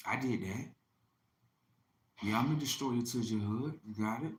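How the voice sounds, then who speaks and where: A man hosting a livestream, delivering a boastful, taunting, profane monologue that swings between loud outbursts and low mutters. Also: normal speed. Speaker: livestream host. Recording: echoey room with faint ambient noise.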